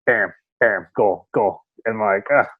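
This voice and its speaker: A man's voice: mid-range voice, a little fast, dry recording, phone-quality sound. A man co-hosting a soccer podcast in casual chat, rambling with many restarts and frequent laughs. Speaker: podcast co-host. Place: home, remote call.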